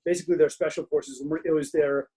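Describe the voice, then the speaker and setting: A middle-aged man with a voice a little high for a man, chatting easily as a guest in a casual interview. He tells self-mocking stories and laughs through them, speaking from his home den. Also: fairly even intonation, fast talker, dark tone, slightly rough, rough recording. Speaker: guest author.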